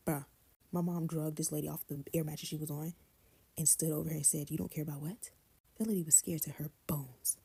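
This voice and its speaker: A young woman tells a family storytime in a low, gravelly voice with a husky edge. She talks very fast and offhand, slipping into slang as she quotes the people in the story. Her tone is dark and mellow rather than bright. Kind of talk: casual storytime.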